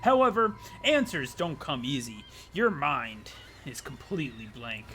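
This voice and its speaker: A man voicing a smug, well-spoken male narrator from a game, with drawn-out, theatrical delivery. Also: medium pitch, very animated, sharp tone, a little hiss or hum, pitched below the performer's own voice. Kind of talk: reading a game narrator aloud.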